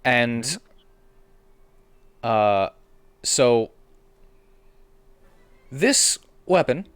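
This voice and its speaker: A man narrating as game master of a comedic tabletop game, playful and animated. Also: mid-range voice, very slow, clean tone, no room sound.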